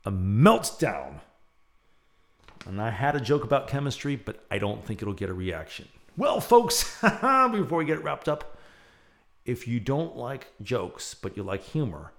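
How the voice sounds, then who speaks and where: A middle-aged man hosts his own show, and his voice carries a gravelly, rough edge. He talks loud and lively, swinging his pitch up and down as he laughs along with his own jokes. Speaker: podcast host. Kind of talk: casual monologue with dad jokes.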